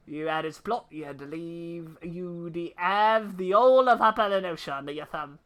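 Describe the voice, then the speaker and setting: A woman voicing a gruff middle-aged male ex-pirate turned debt collector, swaggering and full of seafaring slang. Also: fairly low pitch, moderate pace, heavy background noise, close to an everyday voice. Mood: wry.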